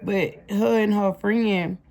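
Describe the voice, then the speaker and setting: A woman's voice: mid-range voice, steady tone, takes it slowly, a little mellow. A young adult woman telling her life story in a casual storytime monologue, slangy and speaking straight to her viewers.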